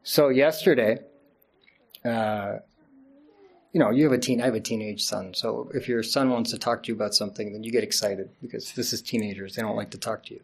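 Brisk and lowish, with vocal fry and a breathy edge, a middle-aged man preaches an informal Friday sermon as imam. His manner is chatty, full of laughter and self-deprecating remarks.

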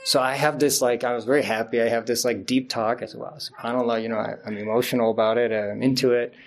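A man's voice: medium pitch, fairly even intonation, fast talker. A middle-aged man giving an informal Friday sermon as an imam, chatty and laughing often at himself. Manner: chatty, laughs often, self-deprecating asides.

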